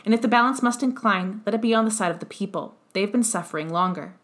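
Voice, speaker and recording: A woman reading a dying old revolutionary, measured and even. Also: medium pitch, lightly acted. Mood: indignant. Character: dying old male revolutionary, bitter and fierce. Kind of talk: audiobook character reading.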